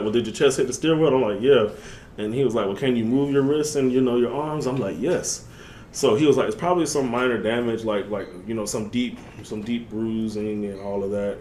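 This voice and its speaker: A young man casually telling a story on his vlog in loose slang, jumping up in pitch when he quotes himself. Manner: animated, jumps up in pitch when quoting himself; loose slangy talk with many fillers. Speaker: vlogger.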